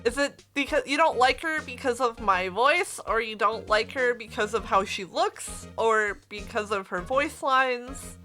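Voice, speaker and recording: A woman's voice: fairly high pitch, sharp tone. A young woman streamer chatting casually while playing a game, talking to her chat and laughing as she reads. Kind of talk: casual live-stream commentary.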